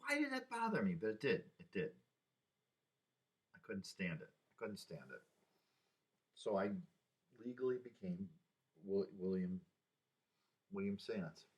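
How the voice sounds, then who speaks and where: A man in his sixties talking through personal memories in a rambling, halting way, with sighs and restarts. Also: deep voice, a little mellow. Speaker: vlogger. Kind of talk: casual personal monologue.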